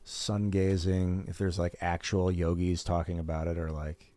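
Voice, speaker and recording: A man's voice: deep voice, level tone, moderate pace, warm tone. A man hosting a gaming stream, chatting casually and candidly, swearing freely and acting out what other people said. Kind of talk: casual rambling chat.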